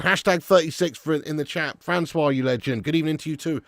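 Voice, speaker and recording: A man's voice: on the high side, fairly quick, creaky, few pauses, fairly bright tone, dry recording, studio quality. A young man hosting a live football watch-along stream, chatting casually with viewers and swearing now and then. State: a little sleepy.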